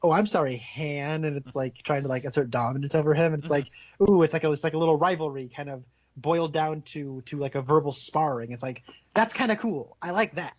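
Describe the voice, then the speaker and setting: A man's voice: fairly high pitch, fairly quick, no room sound, dull audio. A man co-hosting a podcast in casual chat, rambling and laughing as he acts out quotes. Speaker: podcast co-host.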